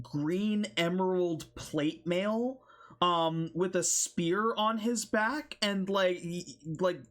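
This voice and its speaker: Slow-talking man running a tabletop game. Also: sits high, fairly bright tone. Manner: loose, rambling narration with fillers. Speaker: game master.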